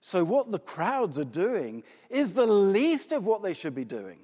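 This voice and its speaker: A man preaches in a large church hall, his voice high and sweeping up and down as he stresses words. He asks rhetorical questions and repeats key phrases, and a long hall reverb trails each line. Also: wildly swooping pitch, a little slow, dark tone, breathy edge. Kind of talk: sermon.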